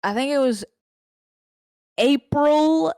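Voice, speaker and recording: Hesitant young woman guest. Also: mid-range voice. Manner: hesitant, halting, with fillers and soft laughs. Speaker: streamer guest. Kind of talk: casual interview answers.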